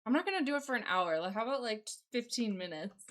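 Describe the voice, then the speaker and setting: A woman's voice: a little high, lively intonation, fast, fairly bright tone. Chatty young woman with a Southern twang. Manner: rambling, chatty, reads and answers chat aloud. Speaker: livestreamer. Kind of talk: casual live-stream chat.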